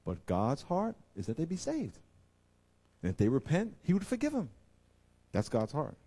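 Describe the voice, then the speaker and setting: A man preaching a sermon to his congregation, with emphatic delivery that swings from loud exclamations to quiet intensity and repeatedly addresses the audience directly. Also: fairly high pitch, huge pitch swings, moderate pace, breathy edge. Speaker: pastor.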